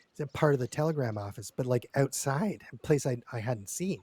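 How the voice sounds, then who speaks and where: A man's voice: fairly high pitch, fast talker, few pauses, darkish tone, no room sound. A man telling a long story in character during a roleplay session, rambling and stammering with lots of repeated words and casual swearing.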